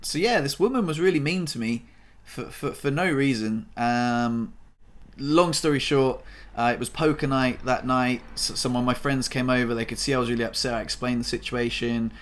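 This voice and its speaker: A man tells a personal story to the camera in a loose, rambling way, packed with fillers and swearing. His voice sits at an ordinary middle pitch and climbs when he grows upset. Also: moderate pace, a bit bright. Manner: emotional, voice rising when upset. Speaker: vlogger.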